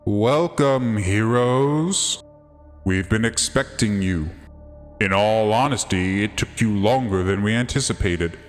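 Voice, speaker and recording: A man's voice: fairly low pitch, soft background music, voice pushed down. A man doing a cold, echoing cult leader. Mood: cold menace. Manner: slow, cold, condescending. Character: menacing masked male secret-society leader. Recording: long hall reverb.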